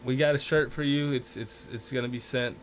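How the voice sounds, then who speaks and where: A man's voice: medium pitch, fairly even intonation, a little fast, slight background noise. A man co-hosting a podcast, chatting crudely and casually, often stammering through restarts. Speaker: podcast co-host.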